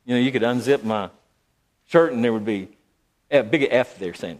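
This is a middle-aged pastor telling a personal anecdote from the pulpit, his pitch medium and his pace a little slow. He alternates sharply between loud, emphatic bursts and soft near-whispers.

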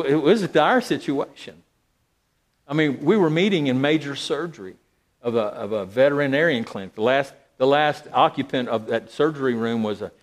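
In a sermon, a middle-aged male pastor relates his own story with a medium-pitched voice. The volume rises and falls dramatically, from loud emphasis down to hushed, almost whispered lines.

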